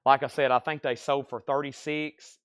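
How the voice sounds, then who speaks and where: A man running a live-stream record sale, calling prices and bidders in brisk bursts with chatty asides. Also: mid-range voice, level tone, a bit bright, clean tone, no echo, studio quality. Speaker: live auction seller.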